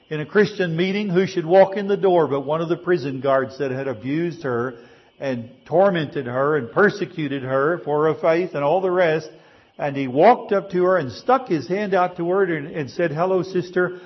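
Husky-voiced male pastor preaching. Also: medium pitch, dull audio. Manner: conversational preaching with rhetorical questions. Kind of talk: sermon.

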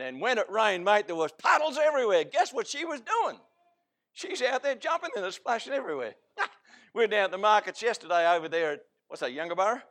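A man with an Australian accent preaching a sermon in a folksy, storytelling way, swinging between loud outbursts and hushed lines. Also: a little high.

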